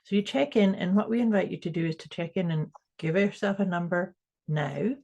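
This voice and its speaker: A woman with a Scottish accent, co-hosting a casual podcast chat remotely, playful and quick to laugh. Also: fairly low pitch, gravelly, lo-fi sound. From Scotland. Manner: warm, playful, laughs often. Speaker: podcast co-host. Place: home in Canada, remote call.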